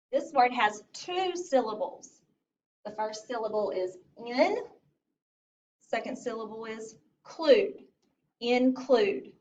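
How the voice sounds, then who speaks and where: A woman teacher walks young children through a phonics lesson in a slightly high voice that rises and falls a lot. She speaks slowly, clearly and encouragingly. She sits back from the mic, and the recording sounds dull and lo-fi. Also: a little mellow. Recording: distant lo-fi recording.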